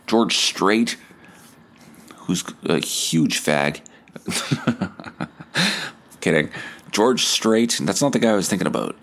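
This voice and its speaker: Male host; low, profane, rambling, stammering. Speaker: podcast host. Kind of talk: solo podcast rant.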